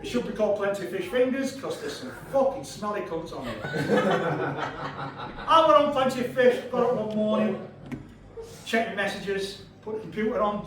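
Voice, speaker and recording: A man's voice: high voice, background noise. A man in his fifties with a Yorkshire accent doing a brash, sweary stand-up set on a comedy club stage. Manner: brash, sweary, crowd-teasing storytelling. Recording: echoey club, far from the mic, audience laughter.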